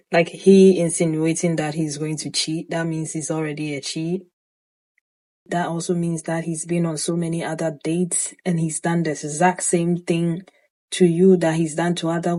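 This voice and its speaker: Woman, reaction commentary, measured, judging, lowish pitch, mellow tone.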